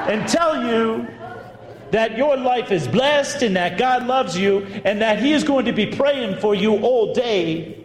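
A man's voice: sits high, noisy background, pitched above the performer's own voice. A man, a priest, voicing an older Southern woman with a drawl who speaks in an emphatic, affectionate way. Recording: echoey hall with long reverb.

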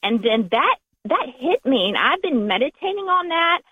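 A woman with a Southern US accent calling in to a radio show, talking in a warm, gushing way and restarting her phrases. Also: sits high, very animated, normal speed, no echo. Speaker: caller. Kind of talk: call-in phone conversation. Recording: tinny phone line.

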